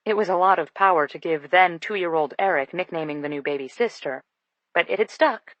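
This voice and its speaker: A woman reading a first-person romance audiobook in an expressive, lightly comic manner. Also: fairly low pitch, a little fast, no echo, low-quality recording. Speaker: audiobook narrator. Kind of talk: first-person scripted narration.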